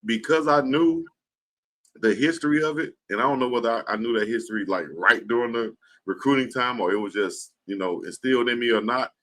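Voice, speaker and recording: A man's voice: medium pitch, a little fast, pushed and bright. A man from Alabama, a football coach as guest, telling his story in a reflective, rambling way during a casual talk-show interview.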